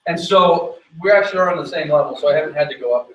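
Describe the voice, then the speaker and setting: A man teaching dog training on location, talking through his method while calling out quick commands to the dog. His voice sits a little higher than most men's and sounds roomy and echoey, picked up from some distance away. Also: muffled recording, slight background noise.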